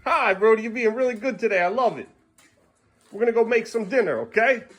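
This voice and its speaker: A man's voice: high-pitched, a little fast, soft background music. A man filming his family at home, talking in a sing-song voice to his kids and muttering weary asides. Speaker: parent vlogger. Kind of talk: casual family vlog.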